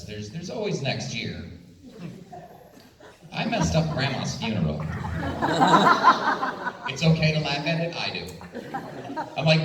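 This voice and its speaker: Male stand-up comic, wry and self-deprecating, lively delivery, mic set back in an echoey room. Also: medium pitch. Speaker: stand-up comic at a talent show. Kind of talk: stand-up comedy. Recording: echoey room, distant mic, faint noise.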